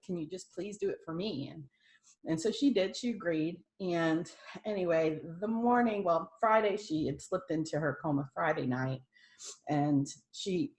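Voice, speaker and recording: A woman's voice: fairly low pitch, moderate pace, a little mellow. A middle-aged woman, a former nurse, tells an emotional personal story. She laughs through tears and quotes the people in it as dialogue. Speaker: guest sharing a personal testimony.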